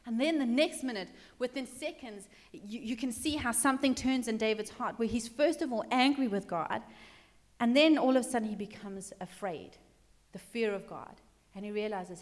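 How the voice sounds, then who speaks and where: A woman with a fairly high voice preaches to her congregation, retelling the story in a chatty way. She acts out what the characters say and swings between loud passages and hushed ones. Her voice rings through a reverberant church hall. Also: moderate pace. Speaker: pastor. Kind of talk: sermon.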